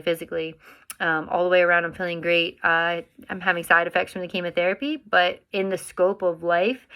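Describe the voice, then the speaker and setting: A woman's voice: fairly low pitch, bright, forceful tone. A woman chatting casually to camera as a vlogger, rambling with plenty of fillers and restarts.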